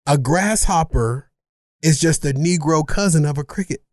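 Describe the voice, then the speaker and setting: A man co-hosting a podcast, telling a rambling, self-mocking story in casual chat, animated and funny. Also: a little high, normal speed, dry recording, studio quality. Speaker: podcast co-host.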